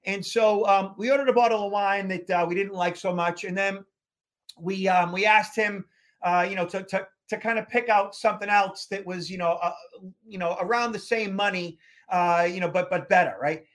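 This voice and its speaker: High-voiced chatty male podcast host. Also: steady tone, moderate pace, a bit bright. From Boston area, USA. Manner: chatty, many fillers and restarts. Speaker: podcast host, security expert. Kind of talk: casual podcast storytelling.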